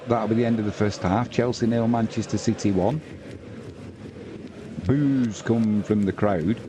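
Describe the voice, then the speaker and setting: A man's voice: on the low side, background noise. A man hosting a live football watch-along, commentating and chatting casually with viewers. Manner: chatty, talks to viewers and reads out chat messages.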